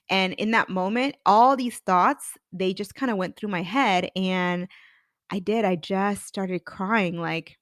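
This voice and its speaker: A woman's voice: mid-range voice, takes it slowly, no room sound, studio quality. A woman in her thirties, a career coach and podcast host, telling her own story candidly and acting out her past thoughts. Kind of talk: personal storytelling.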